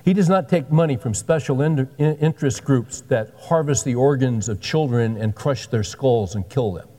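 A man's voice: medium pitch, normal speed, mellow. Man in his sixties preaching in a hall. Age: 60s. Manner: joking asides, folksy and direct. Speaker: pastor. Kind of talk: sermon.

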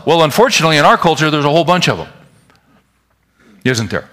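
A man preaching a sermon in a folksy, animated way, talking straight to his congregation. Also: on the high side, fast, long pauses. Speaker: pastor.

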